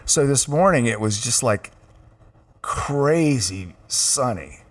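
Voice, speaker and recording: A man's voice: mid-range voice, lively intonation, slow. A middle-aged father co-hosting a casual chat at home, rambling with lots of restarts. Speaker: father and podcast co-host. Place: home room with air conditioner.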